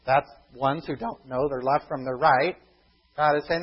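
A man preaching a sermon, retelling a story with lively acted-out thoughts and questions to the congregation. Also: mid-range voice, moderate pace, breathy edge, highs cut off. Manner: animated storytelling, acts out the characters' thoughts.

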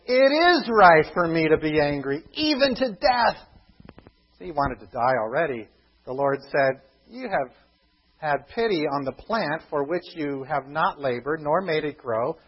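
Preacher, male, higher-pitched and husky, animated storyteller, muffled lo-fi sound. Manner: animated storytelling, acts out the characters' thoughts. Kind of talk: sermon.

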